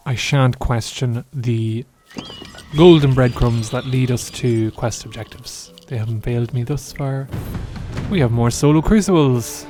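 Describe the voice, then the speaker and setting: A man narrating his own gameplay in a chatty, wry way, full of jokes and asides. His voice sits at an ordinary pitch. Faint game music runs underneath. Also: mellow. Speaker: gaming video host. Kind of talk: casual let's-play commentary.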